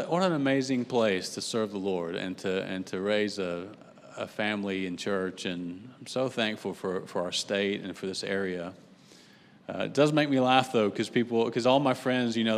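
A man's voice: lowish voice, in a large hall. A man in his late forties, originally from Britain, giving a chatty, self-deprecating introduction as a guest pastor before his sermon. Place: church sanctuary.

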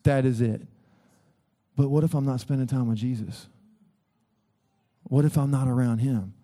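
A man's voice: mid-range voice, fairly even intonation, moderate pace, dark tone. A man in his thirties preaching a sermon in a church, earnest and conversational, often calling on listeners to listen. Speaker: pastor. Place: church sanctuary.

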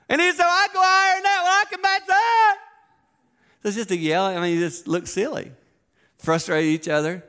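A middle-aged man delivers a sermon, his voice sitting a little higher than most men's. He tells personal stories with lively energy, and his voice climbs toward shouting whenever he acts out a heated argument. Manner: animated storytelling, voice climbing to near-shouts when acting out arguments. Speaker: pastor.

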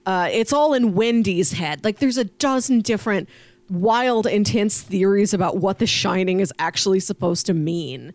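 A woman's voice: mid-range voice, animated, normal speed, a little mellow, dry recording. A young woman co-hosting a podcast, chatting enthusiastically with lots of "like" fillers. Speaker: podcast co-host. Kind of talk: casual podcast chat.

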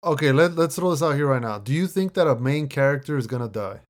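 Relaxed man in loose casual chat. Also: mid-range voice, quick pace. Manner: loose, casual, swears freely.

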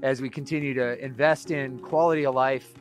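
A man's voice: medium pitch, steady tone, fairly quick, faint music behind. A man leading a city video update in an upbeat, promotional way. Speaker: city leader hosting the update.

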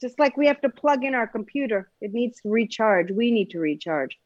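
A woman hosting a casual health show about kidney stones. She talks in an animated, joking way and acts out voices. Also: a little high, brisk, no room sound, lo-fi sound. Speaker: host, kidney stone prevention practitioner.

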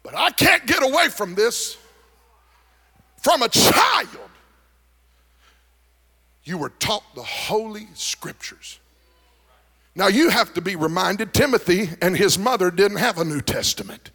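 Guy pastor preaching, high gravelly voice, gets loud and fired up, chatty stories in between. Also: moderate pace. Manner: animated preaching that builds to shouting; folksy, conversational storytelling. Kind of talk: sermon. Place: church service before a congregation.

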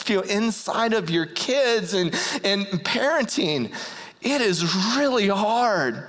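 Male pastor, high pitch, stammering restarts, sermon, reverberant hall. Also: a bit bright. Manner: halting, repeats words and stutters at starts.

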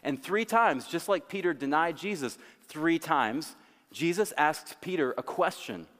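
A male pastor delivering a sermon, slowing down dramatically to stress key words. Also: fairly high pitch, lively intonation, a bit bright. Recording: long hall reverb.

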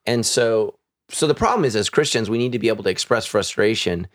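A man's voice: lowish voice, expressive, brisk, no echo, studio quality. A middle-aged man, a pastor hosting a podcast, talking casually with frequent restarts. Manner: conversational, many restarts and stammers.

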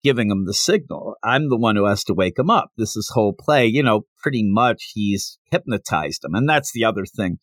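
A man hosting a podcast, casually retelling a manga chapter in an animated way and now and then slipping into character voices. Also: lowish voice, moderate pace, few pauses, no echo, clean studio sound. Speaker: podcast host.

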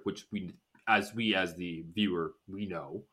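A man co-hosting a podcast in casual chat, rambling through an episode recap and acting out characters' lines in quick bursts. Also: on the low side, a bit bright, slightly rough. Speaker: podcast co-host.

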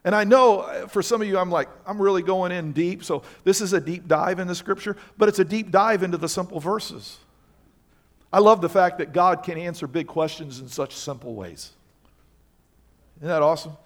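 Male pastor, high pitch, emphatic sermon delivery with pointed questions. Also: normal speed. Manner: emphatic preaching with rhetorical questions.

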